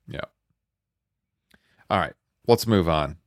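A laid-back man with a lowish voice, co-hosting a podcast in casual chat. His delivery swings widely in pitch and he laughs easily. The sound is dry and close, with no room echo. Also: expressive, slow pace. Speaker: podcast co-host. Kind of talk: casual wrestling review chat.

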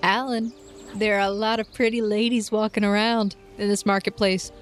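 A woman's voice: mid-range voice, flat delivery, moderate pace, soft background music. A woman narrating as game master of a tabletop game in a casual, chatty way with many fillers.

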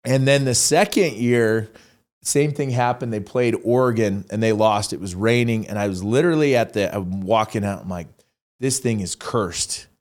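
A man telling stories as a podcast guest in a casual, animated, slangy way. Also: fairly low pitch, moderate pace. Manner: animated, slangy, acts out quotes. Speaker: podcast guest, real estate agent. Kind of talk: casual storytelling interview.

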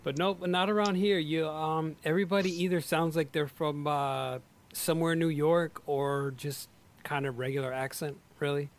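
A man from Western Massachusetts with a somewhat high voice hosts a relaxed conversation. He is easily amused and keeps it going with casual follow-up questions. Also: normal speed. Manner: laid-back, easily amused, asks follow-ups. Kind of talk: casual chat.

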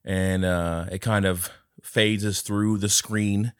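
A man's voice: on the low side, fairly even intonation, takes it slowly, clear, resonant tone, no echo, clean studio sound. A man co-hosting a casual movie review podcast, retelling scenes with lots of laughter and playful put-on voices. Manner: laughs often, acts out scenes in funny voices. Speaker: podcast co-host.

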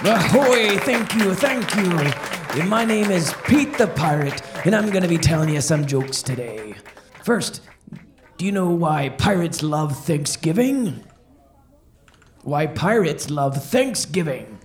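A man playing a pirate comedian who tells family-friendly jokes and repeats each question before a slow punchline. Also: fairly high pitch, animated, a crowd in the background. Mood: cheerful. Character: jolly joke-telling male pirate comedian.

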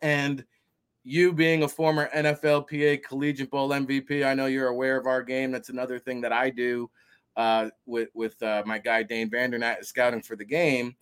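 A man with a New Jersey accent hosting a football talk show, chatty and energetic. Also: medium pitch, moderate pace, clean tone. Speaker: host. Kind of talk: casual sports interview.

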